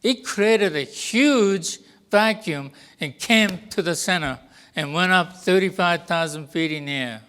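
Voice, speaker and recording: Older man, English speaker, storytelling to an audience, smooth resonant voice, fairly high pitch. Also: fairly bright tone. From Japan. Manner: deliberate, acts out quoted dialogue. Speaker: guest speaker.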